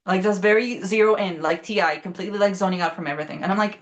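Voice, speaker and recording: A young woman in casual conversation, talking at an even middle pitch. She rambles through a story at a brisk clip, full of fillers and restarts, with the occasional swear word. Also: highs cut off. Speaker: guest.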